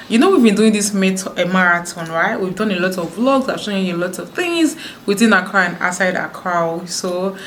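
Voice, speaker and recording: A woman from Nigeria talking fast to camera in a sit-down vlog, with frequent restarts. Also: on the low side, fairly bright tone, slight background noise. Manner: talks fast, many restarts. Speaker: YouTuber. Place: indoors, sit-down video.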